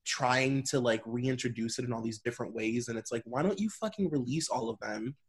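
A man's voice: medium pitch, brisk. A man co-hosting a podcast in casual chat, talking emphatically and swearing now and then. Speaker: podcast co-host.

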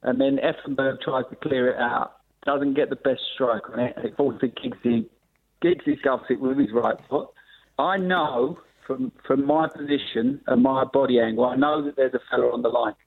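A man's voice: medium pitch, normal speed. A former footballer, a man, vividly recounting a goal from his own point of view. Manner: vivid, animated storytelling. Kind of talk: recounting a match memory. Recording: tinny phone-line audio.

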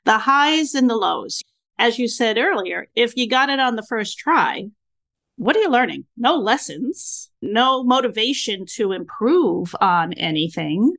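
A woman in her sixties hosting a podcast, chatting casually and telling stories with lively, acted-out reactions. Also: on the high side, measured pace. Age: 60s. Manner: animated storyteller acting out her own reactions. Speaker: podcast host. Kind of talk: casual interview chat.

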